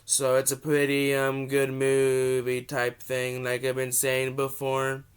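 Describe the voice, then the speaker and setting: A young man with a cold giving a casual, rambling movie review vlog, often restarting his sentences and gushing with excitement. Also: medium pitch, takes it slowly, smooth. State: has a cold.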